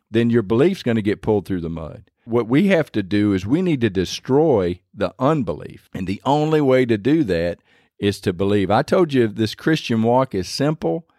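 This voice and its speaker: A man delivering a sermon in a plain, mid-pitched voice, speaking earnestly and conversationally as he retells scripture. The sound is dry, with almost no room echo. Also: dark tone. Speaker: preacher.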